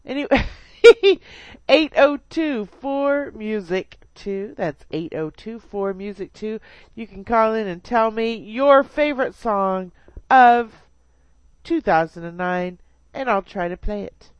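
A woman's voice: on the high side, animated, takes it slowly, clear, resonant tone, no room sound, lo-fi sound. A woman hosting an internet radio show, chatting in a playful, giggly way. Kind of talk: casual radio banter.

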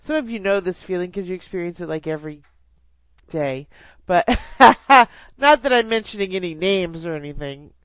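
A woman's voice: on the low side, expressive, normal speed, no echo, lo-fi sound. A woman hosting an internet radio show, chatting in a playful, giggly way. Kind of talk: casual radio banter.

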